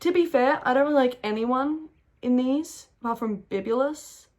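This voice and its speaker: A woman's voice: high-pitched, normal speed, a little mellow. A young woman giving a casual, rambling history lesson full of slang, swearing and playful asides. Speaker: history explainer.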